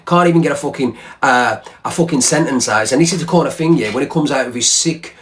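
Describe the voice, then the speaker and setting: A man's voice: medium pitch, fast talker, a bit bright, a little hiss or hum. A man ranting angrily on a livestream, swearing and repeating himself. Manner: heated, profane, repetitive. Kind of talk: angry livestream rant.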